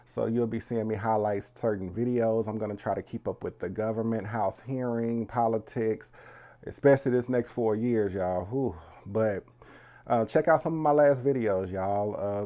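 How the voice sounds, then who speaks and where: Casual man with a dark voice. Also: on the low side. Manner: chatty, keeps calling viewers "y'all". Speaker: host. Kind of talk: casual video commentary.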